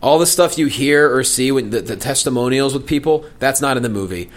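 A filmmaker man talks casually as a guest, voice in the middle range. He is blunt and animated, slipping into quoted lines as he tells his stories. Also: mid-range voice, brisk. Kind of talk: casual chat.

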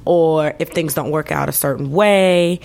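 A woman's voice: low voice, measured pace, gravelly, a little mellow. A woman singer, a guest in a casual interview, talking upbeat with frequent laughs. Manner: upbeat, laughs often, breaks into song.

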